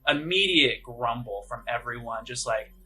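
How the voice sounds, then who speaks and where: A man's voice: mid-range voice, expressive, normal speed, crowd noise, rough recording. A man narrating as game master of a tabletop game, in a casual, rambling way with many fillers.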